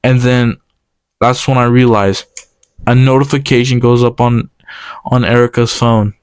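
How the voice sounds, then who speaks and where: A young man recounts a personal story in a casual, animated way, slipping into the lines of the people involved. His voice is clear and smooth at a medium pitch. The recording is dry and close, with no room sound. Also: no echo. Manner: animated, quoting others in quick exchanges.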